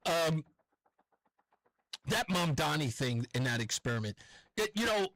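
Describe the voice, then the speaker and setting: A man's voice: on the high side, very animated, a little slow, a bit bright, low-quality recording. A man with a New York accent hosting a talk radio show, delivering a rambling, self-correcting opinion monologue from a studio.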